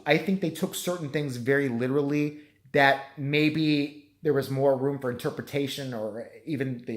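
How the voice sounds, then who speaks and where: A vlogger at home addresses his camera directly, his voice hoarse from shouting. He wanders through a profane apology that mocks himself, his pitch rising and falling widely.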